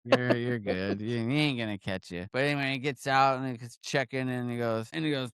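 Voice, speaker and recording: American man, casual storytelling, lots of "like", clear resonant voice. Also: mid-range voice, brisk, few pauses, dry recording, clean studio sound. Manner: animated storyteller, acts out quotes, many "like" fillers. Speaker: podcast guest, hunting content creator.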